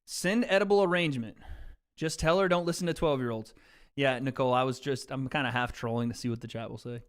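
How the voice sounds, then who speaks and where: A man's voice: medium pitch, quick pace, clean tone. A man hosting a casual livestream, chatting loosely with his viewers through a desk mic and tossing in plenty of "bro" and "dude.". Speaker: livestream host. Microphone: desk mic with mixer.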